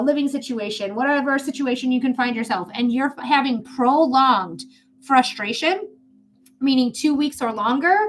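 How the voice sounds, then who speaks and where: High-voiced, blunt, swearing woman psychic. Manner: chatty and blunt, swears freely. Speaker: psychic reader. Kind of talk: casual live-stream reading.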